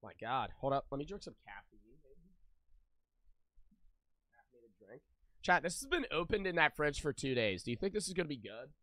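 Young male streamer, fairly high voice, tense bright edge, dry close sound, casual and profane. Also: very animated, a little fast, long pauses, no echo. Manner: talks straight to chat, swears freely, loose and joking. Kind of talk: casual live-stream chat with viewers.

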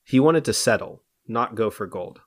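A man's voice: medium pitch, lively intonation, moderate pace. A male podcast host who tells a history story from a script and banters casually between passages. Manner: reads prepared narration steadily, then banters loosely. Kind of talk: scripted history narration mixed with casual chat.

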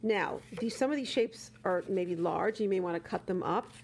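A woman reading a picture book to children and then explaining a craft, gentle and exclamatory, often asking the children questions. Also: medium pitch, moderate pace, vocal fry. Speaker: children's librarian. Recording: steady background hum.

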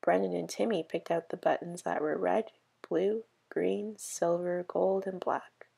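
A woman's voice: on the low side, steady tone, a little slow, creaky, warm tone, breathy edge. A woman early years educator reading a picture book aloud for children.

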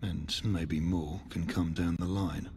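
Deep-voiced cold crime boss. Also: male voice, steady tone, darkish tone, a little hiss or hum. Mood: coolly threatening. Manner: measured, cold, businesslike. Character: calculating middle-aged male crime boss. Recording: reverberant game audio with faint ambience.

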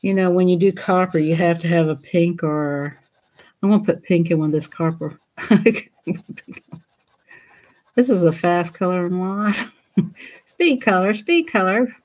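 A woman's voice: fairly low pitch, measured pace, pauses often, warm tone. A woman who hosts a coloring channel chats casually while she colors. She giggles a lot and keeps slipping into silly voices.

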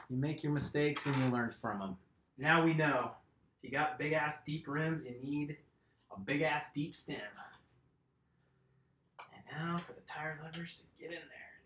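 A man's voice: a little high, unhurried, long pauses, fairly bright tone, a little hiss or hum. A man hosting a casual live stream, chatting and laughing with viewers while he works on a bike tire. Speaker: mountain bike video host. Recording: echoey room.

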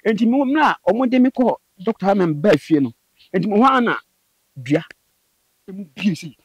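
Man, guest storyteller, husky and quick, dry close sound, lively testimony. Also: dry recording. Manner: fast, animated storytelling with sudden high bursts. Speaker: guest telling his story. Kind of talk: personal testimony in conversation.

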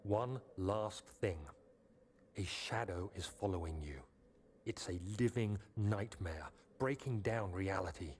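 A man's voice: deep voice, takes it slowly, a little mellow, slight background noise. An actor playing a man leaving a solemn, urgent farewell message to his future self in a horror game. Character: grave man recording a farewell to himself.

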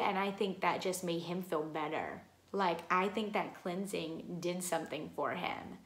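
A woman's voice: on the low side, moderate pace. A woman telling her own spooky story to camera in a casual, rambling way, full of "like" and "um". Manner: rambling, heavy use of "like" and "um". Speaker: vlogger telling her own paranormal stories. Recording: echoey room.

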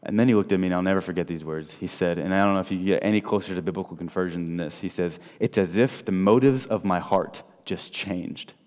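A man preaching an evangelistic sermon, telling stories and swinging between loud and soft. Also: low voice, fast, hardly any pauses. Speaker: guest speaker. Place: large church hall. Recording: long hall reverb.

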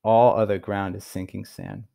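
Male preacher, lower voice, emphatic and sincere teaching delivery. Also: level tone, vocal fry, dark tone. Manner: earnest, emphatic, stresses key words with pauses. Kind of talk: recorded Bible teaching.

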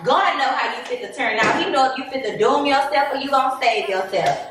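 In a casual vlog monologue, a woman in her late twenties with a Southern US accent talks straight to viewers in a blunt, preachy way. Her voice sits high, a little fast and fairly bright, captured far from the mic in a very echoey room with faint noise.

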